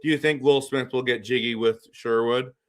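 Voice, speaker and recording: A man's voice: mid-range voice, fairly even intonation, moderate pace. Rambling man hosting a live stream. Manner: rambling, repeats himself, reads chat aloud. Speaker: livestream host. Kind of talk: casual live-stream chat and game reaction.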